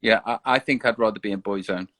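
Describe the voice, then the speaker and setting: A man's voice: fairly low pitch, fast talker, a bit bright, no echo. Hesitant man, dry sound. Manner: hesitant, stumbling restarts. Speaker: guest. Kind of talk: casual live-stream chat. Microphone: online live video call.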